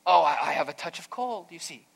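A man voicing the big bad wolf disguised as a sweet, croaking grandmother in a sermon story. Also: expressive, fairly quick, fairly bright tone, heavily acted. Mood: falsely sweet. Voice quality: crackling, croaking. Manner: falsely sweet, squeaky.

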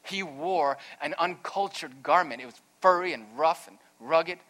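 A pastor preaching an earnest, emphatic sermon, weaving in a storytelling aside. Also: male voice, on the high side, unhurried, fairly bright tone.

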